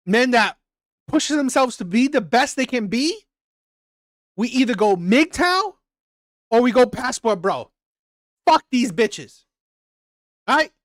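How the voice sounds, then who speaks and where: A man's voice: very high voice, a bit bright, no room sound. Man, reaction host, heated profane rant, repetitive, live chat commentary, dry close sound.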